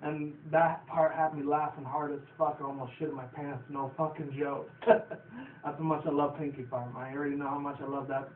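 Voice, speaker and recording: A man's voice: fairly high pitch, level tone, fairly quick, a little hiss or hum. A man casually recapping a cartoon episode, rambling, swearing and laughing often. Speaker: show reviewer. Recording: tinny distant phone-like audio in an echoey room.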